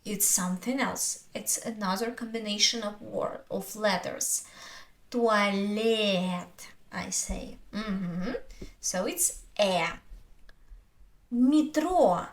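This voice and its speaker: A woman teaching pronunciation, saying each word slowly and repeating it with careful stress. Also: medium pitch, lively intonation, a bit bright. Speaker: language teacher. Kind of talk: slow, careful pronunciation lesson.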